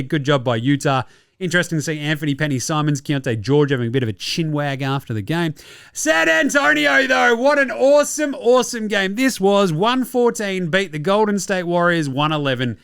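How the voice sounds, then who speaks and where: A man with an Australian accent recapping basketball results in a casual, sweary, excitable and sarcastic way. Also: fairly high pitch, brisk, clean tone, no room sound, clean studio sound. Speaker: basketball podcast host.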